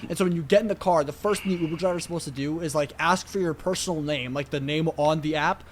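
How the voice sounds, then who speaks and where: A man's voice: fairly high pitch, fast, slight background noise. A young man co-hosting a podcast in casual chat, swearing casually and explaining things in detail. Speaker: podcast co-host.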